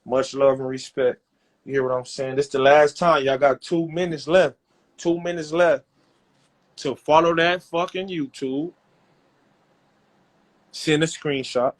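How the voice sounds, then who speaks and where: A man who runs a rap label, talking loud and profane in repetitive hype bursts while he pushes a cash giveaway on a livestream. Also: a little high, steady tone, a little slow, pauses often. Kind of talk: hyped social media livestream.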